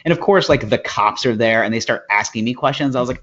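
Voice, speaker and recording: A man's voice: mid-range voice, fast talker, a bit bright. A man co-hosting a podcast from home, telling a long story casually, full of "like" and acted-out quotes. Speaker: podcast co-host. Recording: dull lo-fi home recording.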